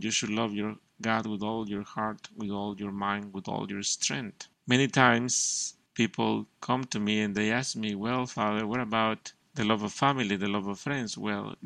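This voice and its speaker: Gravelly male priest preaching. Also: lowish voice, steady tone, unhurried, few pauses, fairly bright tone, no echo. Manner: earnest preaching, listing in repeated phrases. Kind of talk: sermon reading and commenting on a devotional text.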